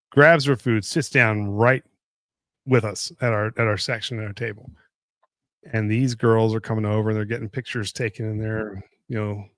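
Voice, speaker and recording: Host, middle-aged man, casual and animated, dry close mic. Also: no room sound. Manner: animated storyteller, jumps up high when imitating others. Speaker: host of a whiskey tasting livestream. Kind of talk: casual livestream chat and storytelling.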